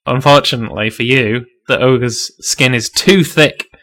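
A man's voice: medium pitch, a little slow, bright, forceful tone, slight background noise. A man narrating a tabletop role-playing game as game master, casual and full of fillers, laughing often.

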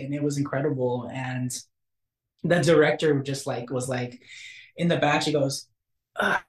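A young man, an actor, telling a story in a casual interview, animated and acting out the quotes. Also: normal speed, a little hiss or hum. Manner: animated, acts out quotes with big pitch jumps. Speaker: actor guest. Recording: roomy echo.

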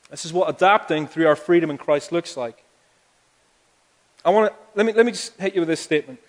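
A male pastor preaching a sermon, talking conversationally and building to emphatic appeals. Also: a little high. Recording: long hall reverb.

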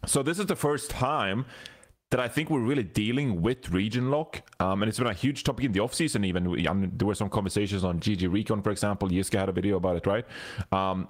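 A man hosts a relaxed esports panel chat in a fairly low voice. He talks with plenty of ums and restarts. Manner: hesitant, many ums and restarts. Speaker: podcast host.

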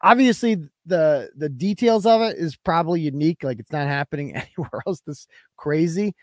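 A man's voice: on the high side, animated, normal speed, darkish tone, no echo, studio quality. A man hosting a live web show, ranting in a brash, profane and combative way and reading out viewer donations. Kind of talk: casual livestream rant.

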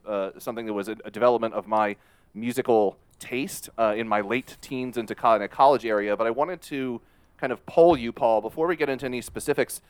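A man co-hosting a music podcast in a loose, casual chat. He hesitates often, filling gaps with ums and uhs. His voice is mid-pitched and sits dry and close to the mic. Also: smooth, no echo. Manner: laid-back, hesitant with many fillers. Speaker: podcast co-host.

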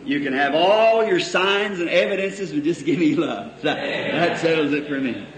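A crowd can be heard behind this preacher, whose slightly high voice moves at normal speed in a church hall. He tells folksy stories, draws out phrases for emphasis, and chuckles between lines, on an echoey old recording with faint hiss.

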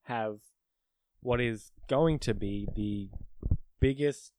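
A young man co-hosting a casual podcast, explaining things with wry, deadpan corrections. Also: medium pitch, slow, a little hiss or hum. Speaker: podcast co-host.

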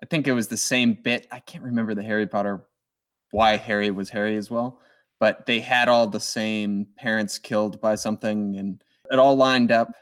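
A man's voice: lowish voice, steady tone, moderate pace. A man in casual book club chat, joking wryly and swearing casually. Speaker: book club podcast member.

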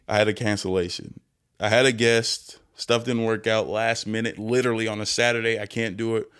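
A young man hosting a solo podcast rant, animated and self-interrupting, swinging between loud bursts and hushed asides. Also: medium pitch, fairly quick. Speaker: podcast host. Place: indoors, lying down recording at home.

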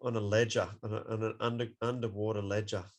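A man's voice: lowish voice, little pitch movement, quick pace. A man co-hosting a podcast in casual chat, swearing freely and laughing often. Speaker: podcast co-host.

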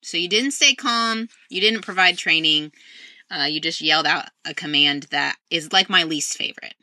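This is a woman hosting a podcast interview. Her voice is bright and forceful, and the recording is dry with no room sound. She asks questions in a lively way. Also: low voice, moderate pace, dry recording. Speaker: podcast host. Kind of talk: interview conversation.

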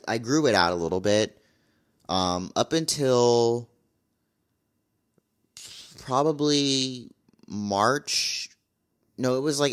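A man's voice: fairly low pitch, fairly bright tone. A young man talking casually to camera in a vlog, blunt and exasperated, repeating his complaints. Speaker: vlogger.

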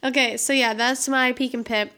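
A woman's voice: high-pitched, steady tone, normal speed, sharp tone, slight background noise. A young woman co-hosting a podcast, chatting playfully and laughing easily. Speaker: podcast co-host. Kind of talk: casual chat.

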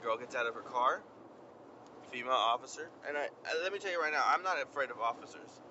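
A young man chatting casually as he tells a story outdoors on a windy day, animated and slangy. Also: medium pitch, quick pace. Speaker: vlogger. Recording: lo-fi outdoor recording with traffic noise. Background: wind and passing traffic.

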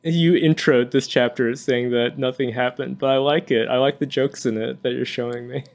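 A man's voice: medium pitch, creaky. Laid-back man co-hosting a chat podcast. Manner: relaxed, laughs often, adds quick jokes. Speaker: podcast co-host. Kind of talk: casual chat about manga.

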